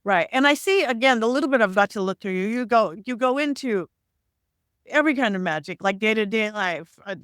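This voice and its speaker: A woman hosting a podcast, chatting in a loose, animated way with her guest. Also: fairly high pitch, brisk, clean tone, no echo, studio quality. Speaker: podcast host. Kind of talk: casual interview conversation.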